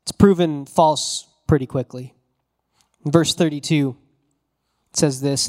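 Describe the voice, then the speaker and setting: A pastor preaching a conversational sermon, telling the story casually and animatedly with bits of slang. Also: male voice, mid-range voice, flat delivery, normal speed, darkish tone.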